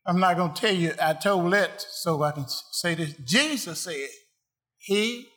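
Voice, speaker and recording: A man's voice: sits high, animated, measured pace, bright, forceful tone. A man preaching a sermon to a congregation, emphatic and rhythmic, repeating phrases for effect.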